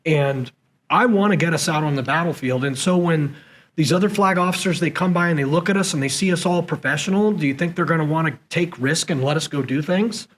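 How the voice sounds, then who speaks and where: A man, a former SEAL leader and podcast guest, telling leadership stories in an animated way and acting out the dialogue. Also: a little high, fast, rough recording. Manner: animated storyteller who acts out quoted dialogue. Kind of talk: conversational interview storytelling. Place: conference venue.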